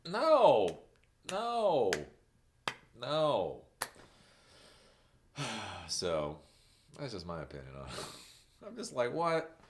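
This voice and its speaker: A man streaming a casual rant, laughing often and jumping into loud mocking voices as he answers chat. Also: mid-range voice, wildly swooping pitch, drawn-out words, pauses often, slight background noise. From New Zealand.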